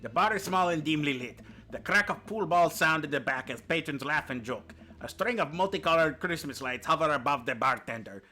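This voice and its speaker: A man's voice: fairly high pitch, expressive, fairly quick, few pauses, sharp tone, a little hiss or hum. A man streaming a dating sim, reading the story aloud with playful, jokey asides.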